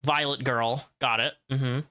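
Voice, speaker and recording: A man hosting a casual interview, incredulous and animated, often laughing as he questions his guest. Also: mid-range voice, measured pace, smooth. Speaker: interviewer, channel host.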